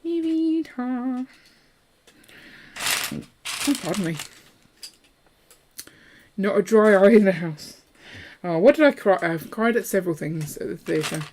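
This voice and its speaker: A woman's voice: fairly low pitch, moderate pace, pauses often, a little mellow, slight background noise. A woman hosting a live building stream, chatting casually and playfully while she works. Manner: chatty and playful, breaks into song.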